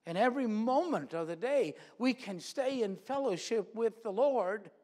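A man's voice: high-pitched, animated, normal speed, a little mellow. A man preaching a sermon in a church, earnest and repeating phrases for emphasis.

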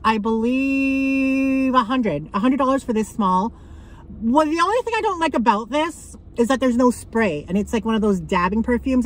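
A woman from Canada, talking casually and bluntly to her viewers on a handheld phone, swearing freely and swinging between excitement and annoyance. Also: on the high side, poor audio. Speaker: vlogger. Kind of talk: casual vlog chat. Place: car and grocery store.

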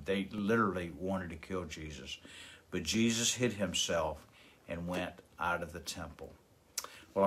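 A man's voice: low voice, a bit bright. A man as a pastor giving a daily Bible devotional, earnest and emphatic, with small fillers.

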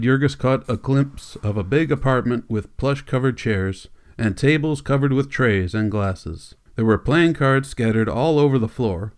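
Man narrating a classic novel. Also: medium pitch. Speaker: audiobook narrator. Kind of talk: scripted narration.

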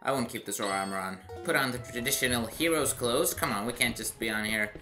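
A man's voice: mid-range voice, fast talker, sharp tone, soft background music. A man doing casual gameplay commentary, chatty with self-mocking asides. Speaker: let's play gamer.

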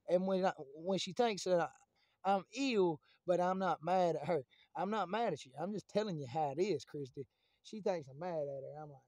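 Chatty high-voiced man. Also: normal speed, a little mellow, no room sound. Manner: rambling, profane and chatty. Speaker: vlogger. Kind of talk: casual rambling monologue to camera.

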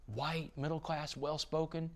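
A man's voice: on the high side, flat delivery, unhurried, voice pushed up. A man voicing his former cellmate, an earnest man urging him not to forget prison. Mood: urgent.

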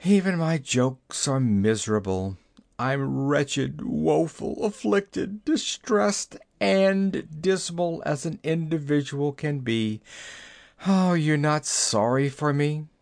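A man's voice: mid-range voice, very animated, measured pace. A sorrowful, self-pitying rabbit king from a storybook, as a male narrator voices him. He grumbles on about his woes in a mournful, complaining tone.

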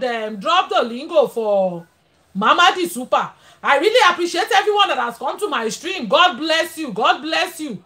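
High, lively Nigerian woman streamer. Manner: chatty, laughs often, switches into pidgin. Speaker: livestream host. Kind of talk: casual live-stream chat.

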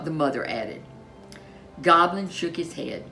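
A woman reading a children's storybook aloud as narrator, in an expressive, unhurried way. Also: low-pitched, music in the background.

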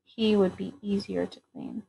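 A woman's voice: mid-range voice, fairly even intonation, brisk, darkish tone, slight background noise, lightly acted, low-quality recording. A woman voicing a jealous, possessive young male dragon in an audiobook reading, speaking in earnest, formal phrases.

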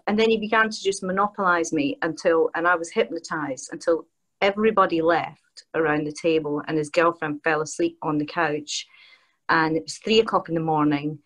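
A Scottish woman, an author and broadcaster, telling an animated, rambling anecdote as a podcast guest. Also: deep voice, a little fast. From Scotland. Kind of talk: casual podcast storytelling.

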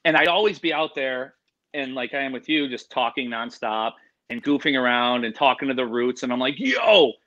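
A middle-aged man, a guest animal expert, telling stories in an excitable, rambling way full of fillers and quoted voices. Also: mid-range voice, fairly quick. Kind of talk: excited storytelling in casual interview. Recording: dull lo-fi sound.

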